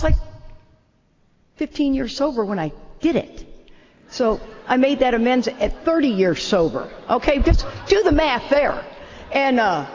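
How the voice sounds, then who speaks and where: Speaking first at a talk, an older woman spins a lengthy story from her own life, lively and quick to poke fun at herself. Her voice sits in the mid range. It's captured in a large hall and comes through muffled.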